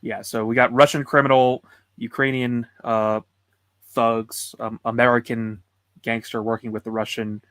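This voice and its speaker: A man's voice: medium pitch, level tone, moderate pace, a bit bright, clear, resonant tone, no echo. Male host asking loose questions, dry sound. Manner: prompting questions, loose and hesitant. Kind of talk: casual interview chat.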